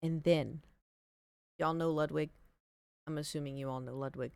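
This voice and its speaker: A young woman streamer telling a story to her live chat in a rambling, chatty way, full of "like" and quick laughs. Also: low voice, fairly even intonation, gravelly, darkish tone, no echo. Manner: chatty, rambling, heavy use of "like", laughs easily.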